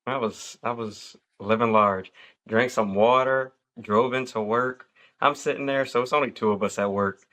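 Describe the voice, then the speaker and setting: A man in his thirties hosting a casual podcast chat, telling stories with lively acted-out quotes. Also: mid-range voice, moderate pace. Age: 30s. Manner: animated storyteller acting out quotes. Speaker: podcast host.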